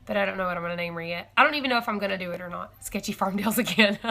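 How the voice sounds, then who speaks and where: A young woman hosting a homesteading live stream, chatting casually and excitably with viewers, thinking aloud and laughing often. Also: mid-range voice, racing, vocal fry. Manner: rambling, self-correcting, thinking aloud.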